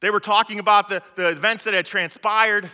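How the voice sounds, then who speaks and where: Guy giving a sermon, high voice, super bright, casual slangy storytelling, long echo from a big church hall. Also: steady tone, fairly quick. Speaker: preacher.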